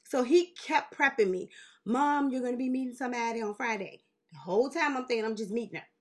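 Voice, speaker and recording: A woman in her forties telling a long story in casual chat, animated and swearing, laughing as she goes and jumping high when she quotes people. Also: quick pace. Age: 40s. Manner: jumps high in pitch when quoting people. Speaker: podcast host.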